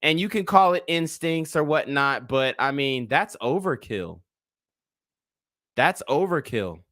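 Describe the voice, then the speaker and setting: A man's voice: on the high side, expressive, a little slow, a bit bright, no room sound, clean studio sound. A man in his twenties giving casual livestream commentary, a blunt and profane rambling storyteller.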